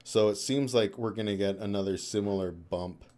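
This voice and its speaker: Young male streamer, low mellow voice, rambling and profane casual chat. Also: moderate pace. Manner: rambling, swears a lot, laughs often. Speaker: live streamer. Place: home room.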